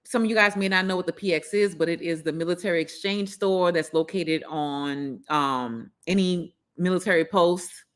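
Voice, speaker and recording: A woman's voice: lowish voice, normal speed, hardly any pauses. A woman with a Southern US accent hosting a live gardening stream, chatty and openly emotional, with frequent "you know" fillers. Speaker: gardening channel host.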